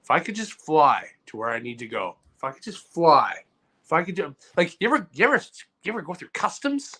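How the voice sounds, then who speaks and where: A man with a bright, forceful voice that swings up and down a lot as he argues a mock debate. He rambles and jokes with loose, animated energy. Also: on the high side, a little fast, breathy edge. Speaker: podcast co-host, debater. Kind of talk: casual comedic debate.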